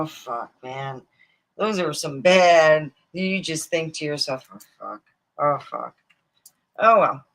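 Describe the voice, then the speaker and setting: Nevada woman rambling on her stream, bright tense voice, swears a lot, does little voices for people. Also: low voice, rough recording. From Nevada, USA. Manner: chatty, digressive, swears freely, acts out quoted voices. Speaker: livestream host. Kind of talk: rambling casual monologue.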